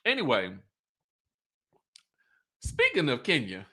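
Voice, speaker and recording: A man's voice: medium pitch, huge pitch swings, slow pace, bright, forceful tone. A man recapping a reality show in a sassy, chatty way, full of asides and laughing at his own remarks. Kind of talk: casual show recap commentary.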